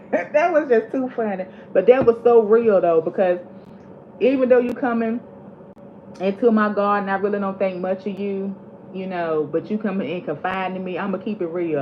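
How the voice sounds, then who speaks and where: A woman's voice: mid-range voice, normal speed. Chatty woman vlogger, lo-fi audio. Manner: animated, gossipy retelling of movie scenes. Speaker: vlog host. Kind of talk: casual chat. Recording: slightly dull lo-fi audio with faint background hiss.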